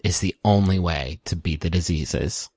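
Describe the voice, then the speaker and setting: A man's voice: low voice, normal speed, darkish tone, husky, no room sound, clean studio sound. A man co-hosting a podcast, riffing and joking in a goofy, casual chat. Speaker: podcast co-host.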